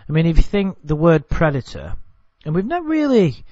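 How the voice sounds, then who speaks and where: A man's voice: on the high side, wildly swooping pitch, fairly quick, mellow, no echo, dull audio. An English-accented man commenting on a TV clip in a rambling, blunt, self-correcting way. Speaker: video commentator.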